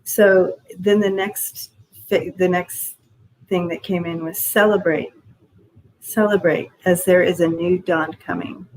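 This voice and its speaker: A woman's voice: lowish voice, fairly even intonation, takes it slowly, darkish tone, low-quality recording. A woman giving channeled spiritual messages in a casual, rambling way, with restarts and the odd swear word. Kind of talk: casual spiritual reading on a group call.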